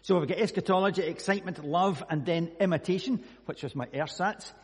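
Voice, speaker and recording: A man's voice: sits high, fairly quick, breathy edge, big-room sound. A Scottish man preaching a sermon, telling a personal story earnestly and reading scripture. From Scotland.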